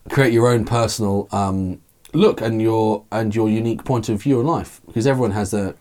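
A man's voice: lowish voice, normal speed, darkish tone. A man talking as a guest in a casual podcast chat, thoughtful and meandering with many fillers.

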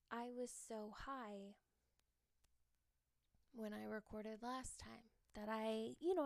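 Young female podcast host, unhurried, giggly and rambling, dry close-miked sound. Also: a little high, vocal fry, a little mellow, dry recording. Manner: rambling, giggly, many fillers and restarts. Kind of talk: casual chat.

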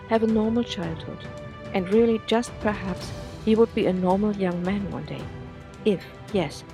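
A woman reading a serialized story aloud for her podcast in a steady, plain manner. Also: medium pitch. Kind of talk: scripted story narration.

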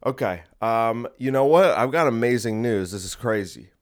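Recording alone in his bedroom, a man runs his own podcast at normal speed and medium pitch. The talk is jokey and fidgety, drifting from one tangent to the next.

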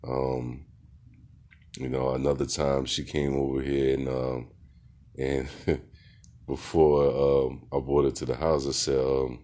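A middle-aged man with an exceptionally deep, low voice, telling a casual story. He speaks in a laid-back, rambling way, with frequent fillers and restarts. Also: flat delivery, moderate pace, darkish tone. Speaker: podcast host.

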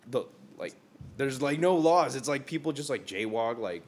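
A man from Northern Virginia co-hosting a podcast in casual chat, tired and low on energy, slangy and swearing a lot. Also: lively intonation, normal speed, a little mellow. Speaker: podcast co-host.

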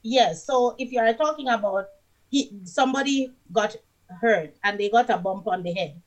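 A woman's voice: on the high side, moderate pace. A woman with a Jamaican accent, a radio guest who explains things patiently in casual chat, giving examples as she goes.

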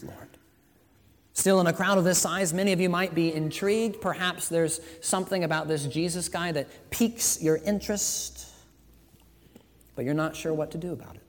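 Guy preaching a sermon in a big church, long echo trailing off, goes soft and slow then loud and pushy. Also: on the high side. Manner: swings from quiet, slow emphasis to loud, rising exhortation. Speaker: pastor. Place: church sanctuary. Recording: long reverb of a church hall.

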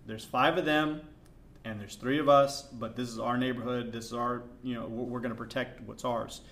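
A middle-aged man co-hosting a podcast, telling a story in a casual, animated way that swings between hushed asides and loud outbursts. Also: medium pitch, moderate pace. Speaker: podcast co-host.

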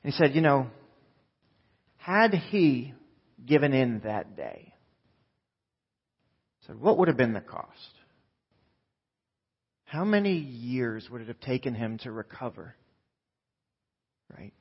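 A man's voice: medium pitch, sing-song, slow pace, pauses often, breathy edge, muffled recording. A man preaching a sermon, telling a story with quoted voices and asides to the congregation. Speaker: pastor.

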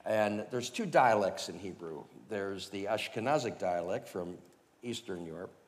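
Low-voiced guy preaching his testimony, chuckly and animated, big echoey hall. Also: measured pace. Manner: animated, chuckling, many fillers. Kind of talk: personal testimony storytelling.

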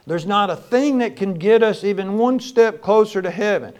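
A male pastor preaching a sermon, moving between loud exclamations and quiet, low lines. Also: normal speed, highs cut off.

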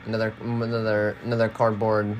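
Very deep-voiced woman cheering on gameplay. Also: completely flat delivery, fast, lo-fi sound, soft background music. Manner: cheering and coaching loudly in fights. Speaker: co-host watching a game being played. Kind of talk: casual let's-play banter.

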